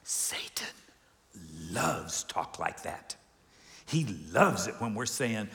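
Man, pastor, animated sermon, very lively pitch, echoing hall. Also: slow pace, gravelly. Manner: animated, acts out quoted voices. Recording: reverberant hall.

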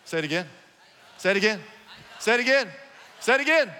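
A man preaching a sermon as pastor, animated, retelling Bible stories with repeated phrases. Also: high-pitched, fairly quick, long pauses. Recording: long echo of a large hall.

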